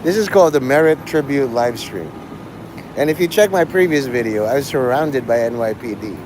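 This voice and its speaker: A man's voice: mid-range voice, expressive, fairly quick. A man hosting a live stream, talking in a rambling, profane monologue that jumps between topics. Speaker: livestream host. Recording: live stream with loud street noise.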